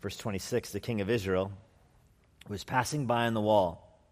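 A man's voice: lowish voice, steady tone, normal speed. A man preaching an expository sermon as pastor in a conversational manner with wry asides, sometimes acting out quoted voices. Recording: long hall reverb.

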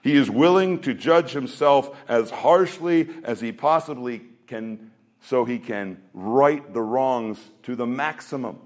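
A man preaching a sermon in an earnest voice, asking rhetorical questions and shifting his pace. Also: fairly low pitch. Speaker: pastor.

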